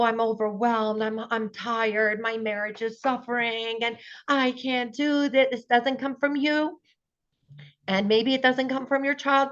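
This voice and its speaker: A woman's voice: a little high, a bit bright, highs cut off. A woman giving an earnest, encouraging parenting talk at a conference, often acting out the voices of the people she quotes. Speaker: parenting speaker.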